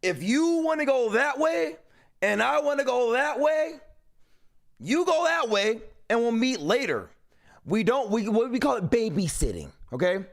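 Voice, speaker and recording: A man hosting a live stream, commenting loudly and emphatically, with frequent swearing. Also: very high voice, very animated, a little slow, creaky. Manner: loud, emphatic, swearing, interrupting. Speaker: streamer host.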